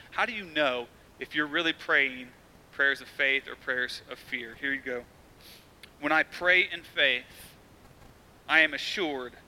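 A man's voice: mid-range voice, bright, forceful tone, a little hiss or hum, rough recording. A man in his thirties, a pastor preaching a sermon in a casual storytelling way, acting out quotes.

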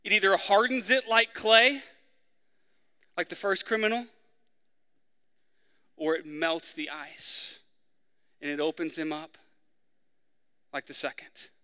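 A man preaching a sermon, acting out the criminals' words in a raised, forceful voice. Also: fairly even intonation, slow, pauses often, clean tone, big-room sound. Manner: preaching, acts out the criminals' lines with rising pitch and force. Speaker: pastor.

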